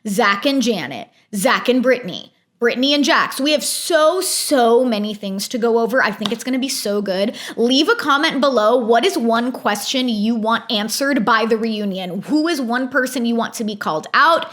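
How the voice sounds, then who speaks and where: Young woman doing a casual reality tv recap, fired up and opinionated, slightly high voice. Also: expressive, normal speed, hardly any pauses, a bit bright. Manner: chatty and opinionated, acts out quotes.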